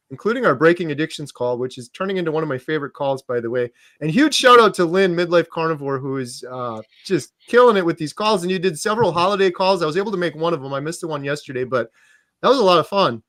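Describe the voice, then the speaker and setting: A man hosting a casual live Q&A stream, upbeat and quick to laugh. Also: fairly high pitch, a bit bright, no room sound. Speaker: livestream host.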